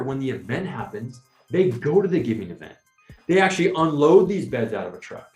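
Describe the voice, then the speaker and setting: A man's voice: medium pitch, reverberant. A man hosting a podcast, talking casually and acting out little scenes with quoted voices. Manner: animated, explains with imagined scenes and quoted asides. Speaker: podcast host. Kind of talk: casual storytelling chat.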